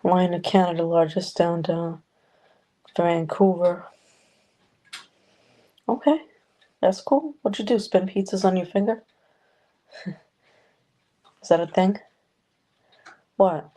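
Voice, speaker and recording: A woman's voice: fairly low pitch, level tone, takes it slowly, long pauses, dark tone, poor audio. A woman hosting a loose, rambling livestream chat from her home, talking casually with viewers and swearing freely. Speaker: livestream host. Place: home room with a noisy fish tank.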